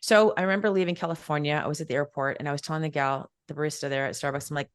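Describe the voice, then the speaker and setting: A woman's voice: sits low, steady tone, very fast, dry recording, studio quality. A middle-aged woman, a wealth mentor, telling a personal story as a podcast guest, emphatic and repetitive as she acts out the dialogue.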